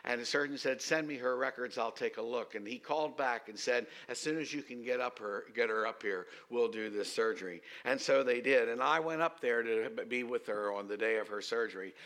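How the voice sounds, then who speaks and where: A man preaching a sermon to his congregation, emphatic and leading call-and-response, swinging from loud declarations to hushed storytelling. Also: medium pitch, fairly quick, hardly any pauses. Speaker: pastor. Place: church sanctuary.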